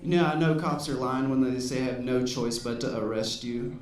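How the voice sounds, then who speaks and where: A man's voice: medium pitch, fairly even intonation, moderate pace, a little mellow, far from the mic, faint music behind. A man in his thirties doing a stand-up set on a club stage, rambling along with lots of "you know"s. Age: 30s. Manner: laid-back rambling delivery with many "you know"s. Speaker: stand-up comedian. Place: comedy club stage with audience. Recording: roomy club recording with crowd laughter. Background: audience laughing.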